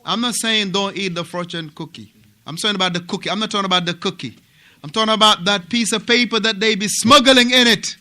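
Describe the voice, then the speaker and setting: Animated African man teaching a mosque class. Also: high-pitched, a little fast. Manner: animated, repeats words and asks students questions. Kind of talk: religious class lecture.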